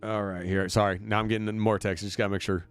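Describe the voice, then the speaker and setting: Speaking quickly in a lowish voice with a flat delivery and clean tone, an Indiana band member talks about booking a tour on a livestream. He's upbeat and casual, rambling with lots of fillers, while demo music loops faintly behind him.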